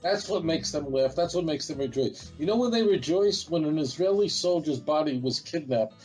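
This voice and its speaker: A man's voice: on the high side, expressive, moderate pace, a little mellow, soft background music, poor audio. A man, a rabbi speaking as an interview guest, talking in an emphatic, defiant, repetitive way. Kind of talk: heated interview talk.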